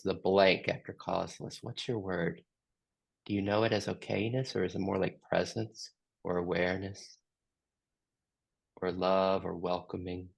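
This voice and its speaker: A man facilitating a group session, gently asking slow, open questions. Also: deep voice, gravelly, husky. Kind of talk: guided group reflection.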